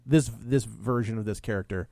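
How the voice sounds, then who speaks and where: A man's voice: lowish voice, moderate pace, creaky, mellow, no echo. Male co-host, loose rambling plot recap, dead-dry close sound. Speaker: podcast co-host. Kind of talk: casual movie review chat.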